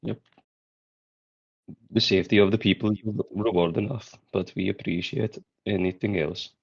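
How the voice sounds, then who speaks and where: Deep-voiced man player, muffled mic. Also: steady tone, normal speed, gravelly, slightly rough. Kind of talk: casual in-character play.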